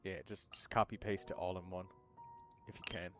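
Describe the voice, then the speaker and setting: A man hosting a game livestream in relaxed, rambling casual chat, with many fillers. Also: low-pitched, normal speed. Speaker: livestream host. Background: game music.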